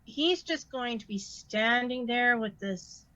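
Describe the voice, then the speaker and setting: A woman's voice: on the high side, animated, slow pace, sharp tone, dry recording, highs cut off. A woman player casually describing her character in a tabletop game.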